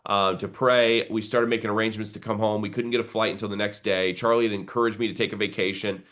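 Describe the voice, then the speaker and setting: Earnest low-voiced preaching man. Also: level tone, fast talker, fairly bright tone. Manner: earnest, building to preacherly exhortation. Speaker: pastor. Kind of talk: live video-call conversation. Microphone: video call.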